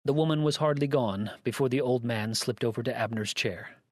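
Male audiobook narrator, measured delivery, husky, dry close sound. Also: mid-range voice, dry recording. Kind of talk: scripted narration of a story.

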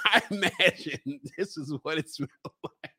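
A man's voice: a little high, a little slow, husky. A man from Baltimore hosting a casual solo vlog, playful and exclamatory, drawing things out and laughing often. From Baltimore, USA. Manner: lively, exclamatory. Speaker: podcast host.

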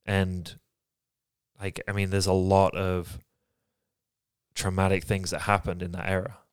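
A podcast co-host from England with a very deep, smooth voice speaks softly, reflectively and haltingly, with little pitch movement, during a candid personal conversation. The sound is dry and close, without room echo.

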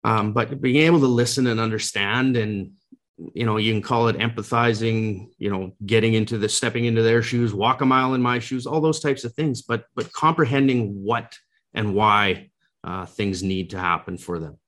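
A man's voice: fairly low pitch, steady tone, moderate pace, a bit bright. A man as an interview guest, talking earnestly with frequent restarts. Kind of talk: interview conversation.

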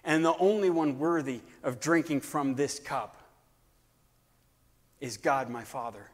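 A man preacher voicing a humble ancient king who speaks in a hushed, reverent way, recorded with long hall reverb. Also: medium pitch, measured pace, close to an everyday voice. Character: humble ancient male king refusing water.

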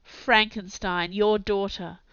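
A woman narrating a dramatic audiobook reading in an anguished, intense, theatrical way, dropping to hushed tones at times. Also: mid-range voice, fairly even intonation, slow pace, clear, resonant tone, no echo. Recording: slightly dull, dry recording.

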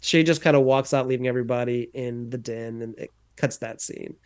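A man co-hosting a podcast, casually recapping a sitcom episode with fillers and quick quoted lines. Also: mid-range voice, steady tone. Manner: recounts scenes with quick acted-out quotes, many fillers. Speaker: podcast co-host.

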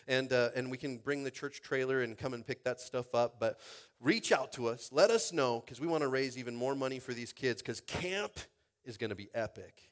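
A male pastor running a lively church service, joking and playful and often raising his voice to the room. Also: medium pitch, moderate pace. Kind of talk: church service games and announcements. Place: church sanctuary stage.

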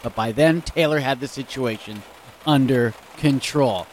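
A man's voice: mid-range voice, unhurried, a little hiss or hum. A man hosting a music show, reading weird news stories in a chatty, casual way and reacting aloud. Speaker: radio show host.

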